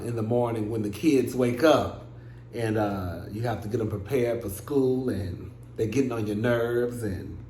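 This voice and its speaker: A man hosting a celebrity gossip vlog in a loose, chatty and sassy way. His mid-pitched voice carries a noticeable room echo. A faint hiss sits under the recording. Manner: chatty, sassy, addresses viewers as "girl". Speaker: vlog host. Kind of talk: casual celebrity gossip chat. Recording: echoey room with faint noise.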